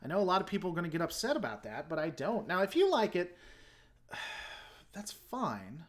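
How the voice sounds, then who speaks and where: A host talking casually through a trailer reaction and answering comments from viewers. The delivery rambles and is plainly critical, and sentences are often begun again partway through. The pitch sits in a middle register. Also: very animated, moderate pace. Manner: frank and opinionated.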